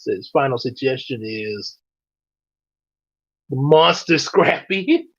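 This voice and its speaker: Man reading his own novel, lively swooping pitch, casual asides, dull lo-fi sound. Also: slow, breathy edge. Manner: animated, laughs often, quiet asides. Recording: dull lo-fi recording.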